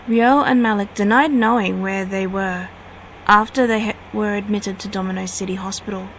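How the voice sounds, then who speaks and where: A woman reading her own fanfiction aloud at a steady pace, now and then correcting herself. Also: medium pitch, normal speed, a little hiss or hum, poor audio.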